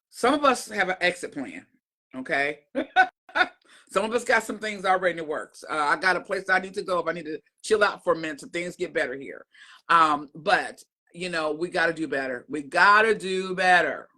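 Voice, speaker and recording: Bright-voiced chatty woman vlogger. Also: lowish voice. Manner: chatty storyteller who often repeats herself; casual, folksy phrasing. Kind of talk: casual chat to camera.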